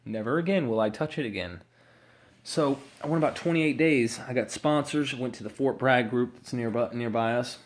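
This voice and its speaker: A man's voice: mid-range voice, moderate pace. Guy rambling thru his recovery story, swears a lot, raw and candid. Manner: raw, rambling, swears freely, acts out quoted voices.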